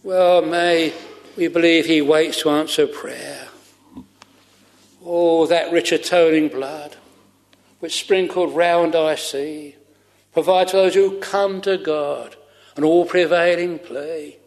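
A man's voice: a little high, steady tone, slow, in a large hall. A man preaching a sermon fervently, repeating his phrases for emphasis.

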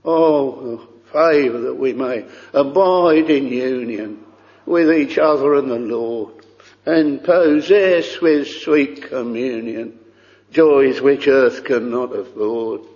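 Slow pleading preacher guy, lots of oh's, dull old recording in a big echoey hall. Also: medium pitch, darkish tone. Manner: earnest, pleading, repeats phrases with many "oh"s. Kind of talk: sermon.

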